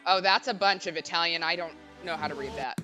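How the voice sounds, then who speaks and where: A woman's voice: fairly low pitch, fairly quick, sharp tone. A young woman streamer chatting casually and nervously while playing a game, babbling with lots of fillers. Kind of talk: casual let's-play chat. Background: game music.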